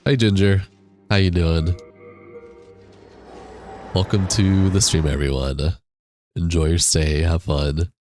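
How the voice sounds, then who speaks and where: A man's voice: deep voice, fairly even intonation, slow, long pauses, a little mellow, dry recording, soft background music. A man live-streaming a game on a desk microphone, chatting casually, reading chat aloud, laughing and swearing now and then. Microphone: desk USB microphone.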